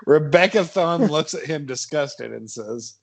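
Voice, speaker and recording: A man's voice: fairly high pitch, lively intonation, measured pace, gravelly. A man narrating a comedy horror podcast script, often laughing and stumbling over his lines.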